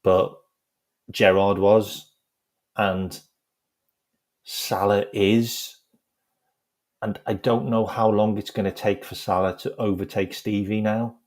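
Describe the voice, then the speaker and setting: Slow and flat, with frequent pauses, this man's fairly low, darkish voice carries a casual live-stream chat for his football fan channel. He rambles, leans heavily on "like," and breaks into laughter mid-story.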